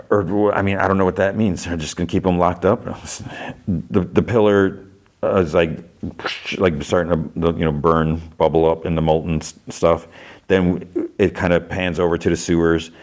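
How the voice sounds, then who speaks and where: Low-voiced man rambling through a recap. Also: fairly even intonation, moderate pace, a little mellow. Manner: rambling, many fillers and restarts. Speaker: podcast host. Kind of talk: casual episode recap.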